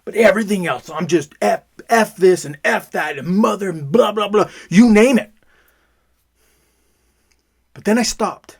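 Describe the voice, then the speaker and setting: A man with a somewhat high voice tells his own story as a father. He speaks with emphasis and repeats words to drive each point home. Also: measured pace, creaky, pauses often, husky. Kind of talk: personal storytelling.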